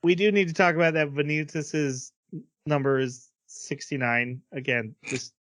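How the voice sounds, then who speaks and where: Speaking a little high with fairly even intonation, this man's slightly bright voice comes through with no echo. As a podcast co-host, he wanders through a casual anime episode recap, pausing to perform short bits of character dialogue.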